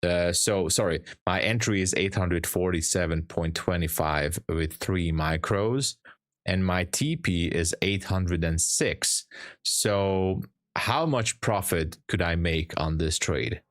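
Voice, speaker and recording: Deep-voiced hesitant male day trader. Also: takes it slowly. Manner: hesitant, restarts often, dry teasing. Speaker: day trader streaming live. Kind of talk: casual live-stream chat.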